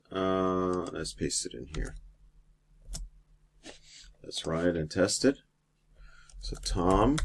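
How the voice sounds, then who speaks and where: Low-voiced man teaching coding. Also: a little hiss or hum. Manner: steady step-by-step explaining with fillers. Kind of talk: screen-recorded coding lesson.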